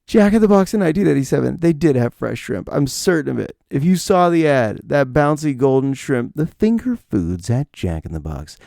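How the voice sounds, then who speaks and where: A man's voice: mid-range voice, big pitch swings, brisk, creaky, warm tone, no room sound, studio quality. A middle-aged man hosting his own podcast in a casual, rambling monologue, playfully pretending to get emotional. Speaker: podcast host.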